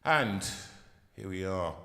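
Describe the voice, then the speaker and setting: Man, 50s, from London, joking live-show host, animated pitch, echoey room with long reverb. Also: creaky. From London, England. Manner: jokey, chatty, quick to laugh. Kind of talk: casual chat. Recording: roomy sound with long reverb.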